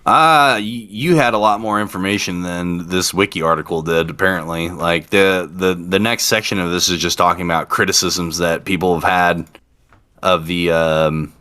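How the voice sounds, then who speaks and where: A man with a very low voice chatting on a podcast. He reads from his notes haltingly and often repeats words as he goes. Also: steady tone, pushed and bright, clean tone. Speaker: podcast co-host. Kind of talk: casual chat.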